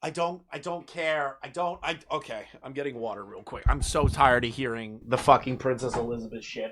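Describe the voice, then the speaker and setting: A man giving sarcastic, profane reaction commentary, mocking what he hears and breaking into loud outbursts. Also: medium pitch, brisk, hardly any pauses, a little hiss or hum. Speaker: commentary YouTuber. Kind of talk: reaction commentary over a call recording.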